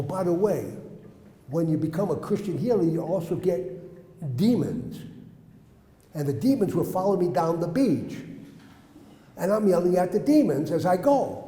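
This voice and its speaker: Man, high voice, mellow tone, storytelling to audience, quizzes listeners, echoey hall with long reverb. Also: moderate pace, long pauses. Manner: animated, asks the audience questions, acts out quotes loudly. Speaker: speaker telling his spiritual story. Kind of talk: storytelling talk to a live audience.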